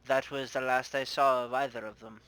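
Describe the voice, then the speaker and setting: A man's voice: mid-range voice, level tone, brisk, fairly bright tone, clean tone, close to an everyday voice, rough recording. A man voicing a shrewd, playful madam who runs her house with formal, teasing grace, in a put-on Russian accent. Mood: gracious. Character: shrewd playful female brothel madam, middle-aged. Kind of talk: tabletop game character voice.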